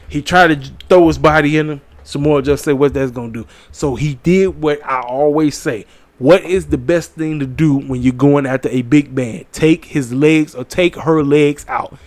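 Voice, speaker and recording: A man giving an animated, preachy casual commentary on wrestling shows, repeating his catchphrases, in a small room at home. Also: fairly high pitch, no room sound. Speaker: wrestling show reviewer.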